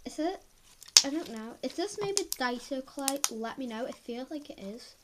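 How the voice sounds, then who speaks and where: A woman with a cold, sniffling as she reviews slime in a chatty, excitable way at home, often gasping and exclaiming. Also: sits high, normal speed. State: has a head cold, sniffling. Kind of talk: casual unboxing chat. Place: at home, filming on the floor. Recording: loud background noise and clicks.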